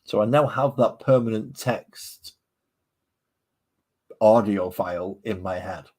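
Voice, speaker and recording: A man with a low, husky voice paints miniatures on a live stream from his home hobby desk. He rambles casually and talks straight to his chat viewers as he works. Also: slow pace, darkish tone.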